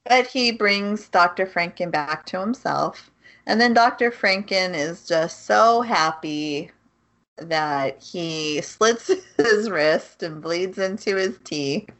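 A woman's voice: lowish voice, animated, slow, fairly bright tone. A woman co-hosting a podcast, recapping an anime in casual chat, matter-of-fact with giggles. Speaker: podcast co-host.

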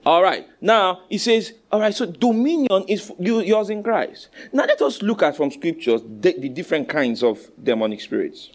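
A male pastor with a Nigerian accent preaching a sermon, commanding and animated, switching between loud exhortation, low asides and call-and-response with his congregation. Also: moderate pace, few pauses.

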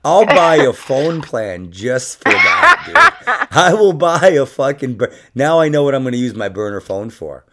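A man chatting casually on a podcast, rambling and swearing, with loud bursts of laughter. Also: mid-range voice, wildly swooping pitch, a little slow, heavy background noise. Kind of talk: casual chat.

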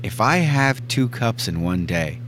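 A man's voice: mid-range voice, expressive, unhurried, fairly bright tone, a little hiss or hum. A man co-hosting a podcast in casual chat, rambling along with frequent ums and casual swearing. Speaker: podcast co-host.

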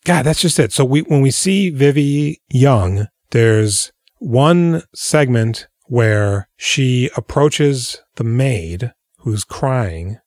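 A man hosting a casual film podcast, retelling movie scenes in a rambling, animated way. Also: medium pitch, slow pace, hardly any pauses, no room sound, studio quality. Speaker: podcast host reviewing a film.

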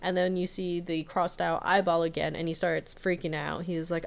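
A woman with a lowish, gravelly voice and level tone co-hosts a casual podcast, recapping an episode through chatty, giggly storytelling and quick quoted voices. It was recorded over a remote video call.

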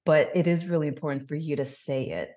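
A woman's voice: low-pitched, brisk, warm tone. A woman in her thirties telling a personal story openly and reflectively in an interview. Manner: open, reflective, emotional storytelling. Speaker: podcast guest.

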